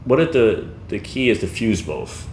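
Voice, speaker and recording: A man's voice: lowish voice, expressive, moderate pace, darkish tone, slight background noise. A man hosting a podcast, chatting casually in a rambling, joking way full of fillers. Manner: rambling, filler-heavy, jokey. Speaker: podcast host. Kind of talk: casual chat. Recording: echoey room with faint ambience.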